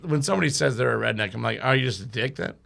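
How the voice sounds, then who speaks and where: A man telling wild stories in a casual podcast chat, animated and crude, often laughing as he talks. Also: medium pitch, racing, vocal fry. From rural area. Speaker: podcast guest or co-host. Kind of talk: casual storytelling.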